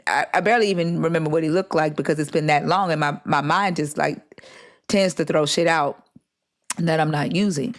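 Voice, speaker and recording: This is a livestream host in casual chat, telling a story with lots of swearing. They talk at a middle pitch and act out each line of quoted dialogue. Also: brisk. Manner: profane, animated storytelling.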